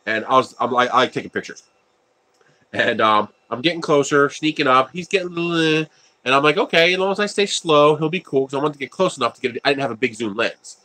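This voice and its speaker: A man hosts a casual livestream while building a 3D printer, telling stories, laughing often, and answering viewer chat. He speaks briskly at medium pitch in a pushed, bright voice.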